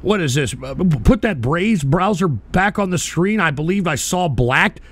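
A middle-aged man hosting a live stream show, reading chat donations with a profane, irritable manner and bursts of shouting. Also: fairly high pitch, animated, moderate pace. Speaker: livestream show host.

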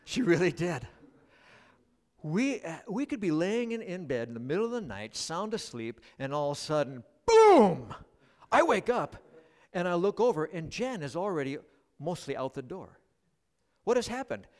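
Lively, joking male pastor preaching. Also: a little high, normal speed. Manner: joking, animated storyteller addressing the congregation. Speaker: guest pastor. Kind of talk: sermon. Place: church service.

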